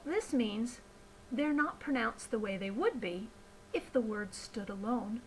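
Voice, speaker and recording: A woman teaching pronunciation, speaking slowly and deliberately and modeling words with careful enunciation. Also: fairly high pitch, slight background noise, rough recording. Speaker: English pronunciation tutor. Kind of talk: slow scripted teaching narration.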